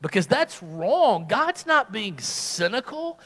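A man delivers a sermon at a church service, his voice high and bright with a forceful edge. He presses his points emphatically and sinks into hushed, quiet delivery when he quotes. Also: very animated, slow pace. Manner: emphatic, dropping to hushed tones for quoted words. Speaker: preacher.

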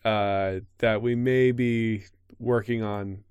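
A man co-hosting a podcast, speaking in a halting, supportive way, with many restarts. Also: fairly low pitch, steady tone, darkish tone, clean tone, no echo. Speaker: podcast co-host. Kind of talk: casual podcast chat.

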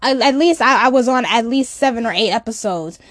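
A woman from Brooklyn with a New York accent, talking fast in casual chat, often repeating words. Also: a little high. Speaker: podcast co-host.

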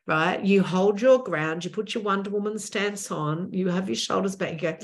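A woman in her sixties, a podcast guest, talking in an assertive, animated way and acting out what people would say. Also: mid-range voice, normal speed, few pauses. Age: 60s. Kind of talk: animated interview talk.

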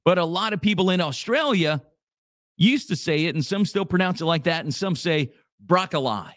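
A man's voice: high voice, expressive, normal speed, fairly bright tone, no echo, studio quality. A man hosting a radio show, chatting casually in a rambling, jokey way. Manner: rambling, jokey, repeats himself.

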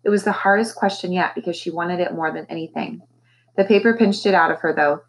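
A woman teacher reading a novel aloud to her class, with expressive, animated storytelling. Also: lowish voice, a little fast, poor audio.

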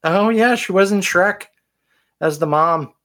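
Chatty guy co-hosting a film podcast, jokey, voice a bit high. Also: a little slow, a bit bright. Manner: chatty, joking, self-deprecating. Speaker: podcast co-host. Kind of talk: casual chat.

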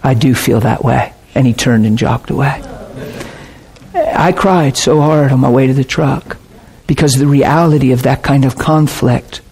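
A man with a husky, slightly breathy voice delivers a sermon. He speaks with earnest intensity and brings a personal story to life by voicing both sides of the exchange. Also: medium pitch, measured pace, darkish tone. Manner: earnest, intense, retells quoted dialogue.

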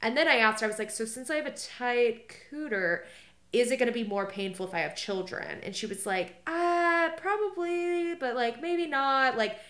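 A woman's voice: on the high side, fairly quick, a bit bright, reverberant. A young woman co-hosting a podcast, telling stories in casual chat with lots of "like" fillers. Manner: rambling storytelling, heavy filler "like". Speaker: podcast co-host.

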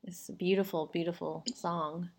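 A woman's voice: on the low side, flat delivery, moderate pace. A young woman hosting a podcast, asking questions in a casual way and often breaking in with encouraging exclamations. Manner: warmly encouraging, with frequent exclamations. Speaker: podcast host.

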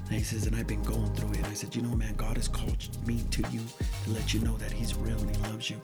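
Animated man retelling a faith story. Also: on the low side, quick pace, few pauses, loud music behind the voice. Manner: animated retelling, quoting dialogue, drops to near-whisper at times. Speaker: guest telling a testimony. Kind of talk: casual storytelling chat.

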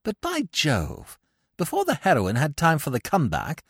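Lively male storyteller, very animated pitch, dry close studio sound. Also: moderate pace, vocal fry, husky, no room sound. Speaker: narrator. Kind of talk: audiobook reading of comic fiction.

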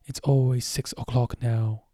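A man voicing the Hatter, an eccentric and argumentative tea-party host, in a storybook reading with a slow, husky, dark voice. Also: medium pitch, flat delivery, dry recording, close to an everyday voice. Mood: quibbling. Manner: quibbling, mournful at times.

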